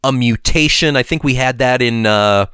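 Man, casual podcast chat, smooth clear voice, dry close sound. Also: medium pitch, normal speed, sharp tone, dry recording. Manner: chatty, hesitant restarts, frequent affirmations. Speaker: podcast co-host.

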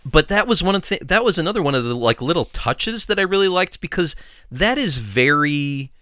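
A man co-hosting a podcast, talking casually with many pauses and restarts. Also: on the high side, expressive, pushed and bright, smooth, no room sound, clean studio sound. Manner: halting, many fillers and restarts. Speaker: podcast co-host. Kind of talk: casual chat.

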